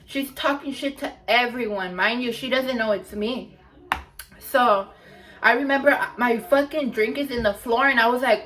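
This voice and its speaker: A woman's voice: on the high side, moderate pace, fairly bright tone. A young woman vlogger telling a storytime in a chatty, casual way, full of filler words and swearing.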